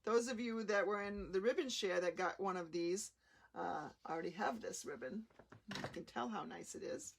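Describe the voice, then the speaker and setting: A woman with a slightly gravelly, mid-pitched voice talks viewers through a card-making project during a live show. She is chatty and unhurried, explaining each cut and placement as she goes. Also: a little hiss or hum. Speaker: craft demonstrator.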